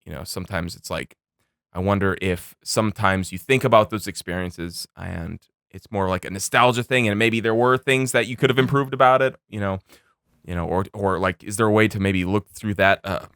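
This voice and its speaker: A man's voice: fairly low pitch, a bit bright, smooth, dry recording, clean studio sound. A man on a podcast, reflecting on parenting and thinking aloud with lots of fillers. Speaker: podcast co-host. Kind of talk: casual chat. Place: studio.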